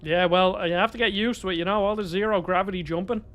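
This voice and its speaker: A man's voice: sits high, steady tone, quick pace, a bit bright, lo-fi sound, soft background music. A man streaming a game, chatting and thinking aloud in a rambling, casual way. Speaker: gaming streamer. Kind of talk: casual gameplay commentary.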